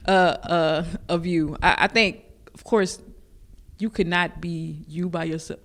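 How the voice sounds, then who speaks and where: A woman's voice: fairly low pitch, fairly even intonation, a little slow. A woman hosting a podcast interview who laughs easily and teases her guest. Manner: laughing easily, playful teasing. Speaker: podcast host.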